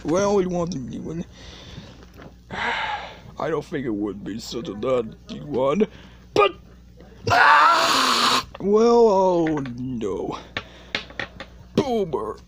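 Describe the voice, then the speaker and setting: A performer voicing a hot-tempered cartoonish gamer who keeps rising from forced calm into shrieking fits of rage at a hard game. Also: medium pitch, very slow, pauses often, a little hiss or hum, heavily acted. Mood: frustrated. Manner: swings between forced calm and shrieking outbursts.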